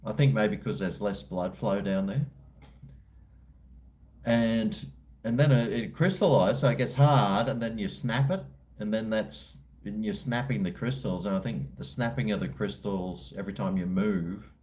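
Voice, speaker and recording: Aussie man, mellow tone, rambling livestream host chatting with viewers. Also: fairly low pitch. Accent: Australian. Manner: rambling, laid-back, slangy. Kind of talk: casual chat answering viewers live.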